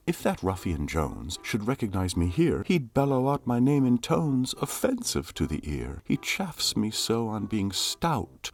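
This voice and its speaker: A man's voice: mid-range voice, a little mellow, breathy edge. A man giving a dramatic, theatrical reading of comic and ballad verse, shifting his tone from line to line. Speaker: poetry reader.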